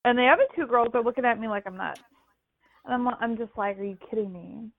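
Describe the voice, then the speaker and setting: A woman with a fairly high voice tells her story in a lively, animated way, acting out the people she quotes. The sound is thin and phone-like, with no room echo at all. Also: fast talker. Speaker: podcast co-host. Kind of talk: casual storytelling. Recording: dry, phone-like line.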